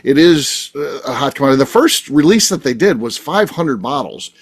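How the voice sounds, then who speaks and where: A man's voice: medium pitch, expressive, normal speed, husky. A man hosting a casual chat show, telling a story in a rambling way with many fillers and restarts over a video call. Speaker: podcast host.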